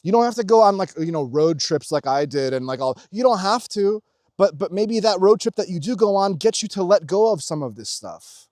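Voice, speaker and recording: A man delivering a casual motivational monologue about spirituality, intense and full of swearing, swinging between loud urging and low murmurs. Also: animated, a little fast, no room sound, studio quality. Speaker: spiritual vlogger.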